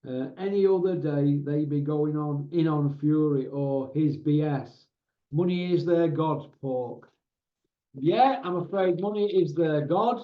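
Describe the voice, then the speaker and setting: A man with a slightly high voice rants in exasperation at a measured pace while hosting casual boxing commentary, adding tag questions to his points. The recording sounds roomy, dull and lo-fi.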